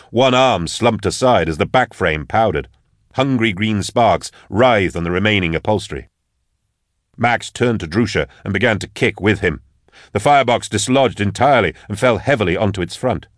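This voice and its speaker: A man narrating a dark fantasy story with measured, dramatic delivery. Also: on the low side, no room sound, clean studio sound. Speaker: audiobook narrator. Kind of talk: scripted narration.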